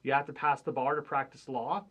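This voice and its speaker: A man's voice: medium pitch, steady tone, a little fast, fairly bright tone. A young man teaching a math class in a casual, conversational way, often checking in with "right?" and "okay?" between points. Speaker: math instructor. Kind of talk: recorded classroom lecture.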